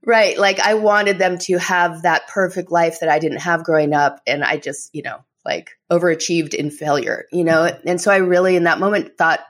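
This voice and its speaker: A woman's voice: on the low side, steady tone, moderate pace, few pauses. A woman author, a guest, telling her personal story candidly with many fillers, her voice catching with emotion.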